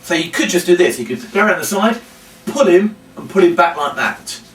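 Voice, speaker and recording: A man teaches a children's puppet routine. He hesitates with many ums and breaks into loud, high calls to demonstrate. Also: expressive, a little fast. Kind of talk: instructional demonstration. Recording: roomy, distant mic, faint room noise.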